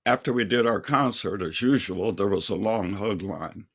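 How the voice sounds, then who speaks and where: A man's voice: fairly low pitch, gravelly, husky. An older man, a singer, telling a heartfelt personal testimony in an earnest storytelling manner. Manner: slow, earnest storytelling with quoted dialogue. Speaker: singer and speaker.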